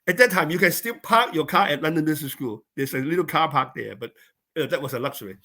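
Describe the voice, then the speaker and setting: Man with a halting storytelling voice. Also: on the high side. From China. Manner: animated anecdotes with many repeated words and fillers. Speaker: interview guest. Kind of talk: storytelling in conversation.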